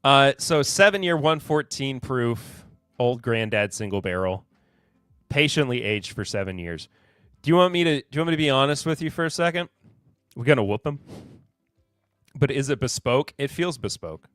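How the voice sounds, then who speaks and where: A man hosts a live whiskey podcast in a smooth, resonant voice at an ordinary pitch. He rambles through new bottle labels with a sarcastic, self-deprecating streak. The sound is dry and close, with faint music underneath. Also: expressive, normal speed, a bit bright, no room sound. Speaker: podcast host.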